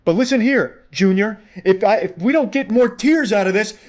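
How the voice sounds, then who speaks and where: A man voicing a scheming vlogger mother who shouts profane threats at her crying son. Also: sits high, normal speed, voice pushed up, lightly acted. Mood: angry threatening.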